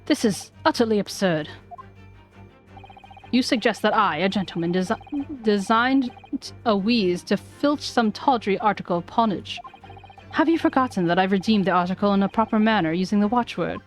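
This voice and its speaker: A woman playing a pompous indignant gentleman. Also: medium pitch, normal speed, faint music behind, lightly acted. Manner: indignant, stiff and formal. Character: pompous haughty male gentleman suspect. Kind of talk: reading game dialogue aloud.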